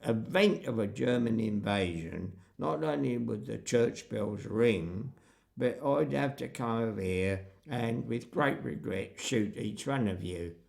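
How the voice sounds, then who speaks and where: An older man playing a polite, deferential country constable who speaks slowly and formally in a rustic way. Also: on the low side, vocal fry, darkish tone. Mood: regretful.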